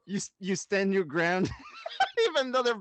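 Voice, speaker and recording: A man's voice: high-pitched, huge pitch swings, measured pace, fairly bright tone. A man co-hosting a podcast in casual chat, laid-back and giggly, teasing his friend. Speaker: podcast co-host.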